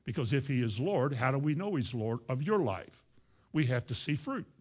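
A man preaching a sermon in an earnest way, slowing down on key words for emphasis and acting out the objections of reluctant churchgoers. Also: medium pitch, animated, darkish tone, breathy edge.

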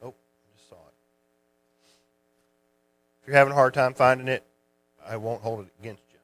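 A man's voice: medium pitch, steady tone, normal speed, fairly bright tone, dry recording. A man preaching a sermon, explaining a Bible passage in a conversational teaching manner.

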